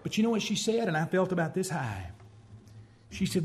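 A man's voice: sits high, sing-song, brisk. A man preaching as pastor, telling stories and acting out the voices of people he quotes. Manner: storytelling preacher who acts out quoted speech. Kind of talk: sermon.

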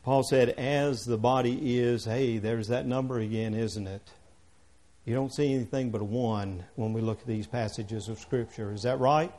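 A man's voice: on the low side, steady tone, normal speed. Man preaching with rising emphasis. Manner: conversational, asks the congregation questions, swings from quiet to emphatic. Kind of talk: sermon.

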